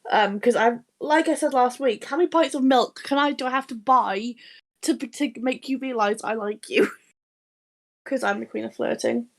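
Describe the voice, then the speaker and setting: A woman co-hosting a casual podcast, her voice pitched a bit higher than most. She rambles through anecdotes full of false starts and laughter, and she swears freely. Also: moderate pace. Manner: rambling, laughing anecdote-telling with many restarts. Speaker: podcast co-host. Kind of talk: casual chat.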